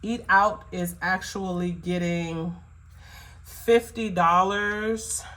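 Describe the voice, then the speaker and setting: A woman with a slightly low voice talks casually while counting bills aloud. She rambles a little and uses plenty of fillers. Her voice sounds choked up at times. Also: fairly even intonation, slow pace, fairly bright tone. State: emotional, choked up. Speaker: budgeting vlogger.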